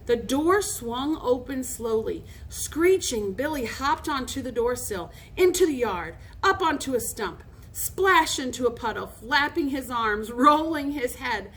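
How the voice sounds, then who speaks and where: A woman reading a children's novel aloud in an expressive, lively way. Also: high-pitched, a little slow, few pauses. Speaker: storybook reader.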